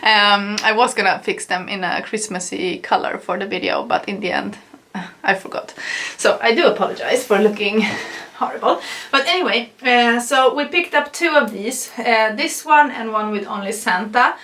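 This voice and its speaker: A woman's voice: medium pitch, normal speed, pushed and bright. Chatty woman vlogger in a roomy space. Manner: chatty, giggly, many fillers and restarts. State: slightly out of breath. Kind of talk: casual chat to camera. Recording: roomy, voice a bit far from mic.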